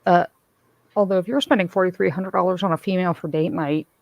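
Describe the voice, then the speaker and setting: A woman with a gravelly, creaky edge to her voice chats casually on a livestream. She rambles from comment to comment and calls out viewers by name, heard close and dry with no room echo. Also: fairly low pitch, fairly even intonation, fast, dull audio. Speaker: streamer host reading chat.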